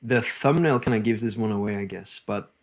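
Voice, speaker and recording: A man's voice: lowish voice, brisk, music in the background. A man from Iceland co-hosting a live filmmaking podcast, talking in an easygoing, casual way. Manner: easygoing, laughs often, says like a lot. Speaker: podcast co-host. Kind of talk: casual live-stream chat.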